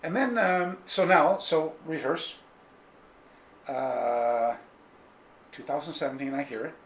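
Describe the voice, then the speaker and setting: A man's voice: a little high, slow pace, a little hiss or hum. A man as an interview guest, telling a long anecdote casually and digressively, with a lot of animation. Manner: animated, digressive, mimics people in his stories. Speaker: interview guest, karate author. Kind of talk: casual storytelling. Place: a room in his home. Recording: echoey room with faint ambience.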